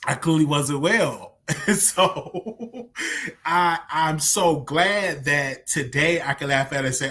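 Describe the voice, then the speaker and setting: Man, somewhat high-pitched, livestream host, candid, animated, repetitive. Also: a little slow. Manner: candid, animated storytelling, repeats himself. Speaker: show host. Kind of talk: casual livestream commentary.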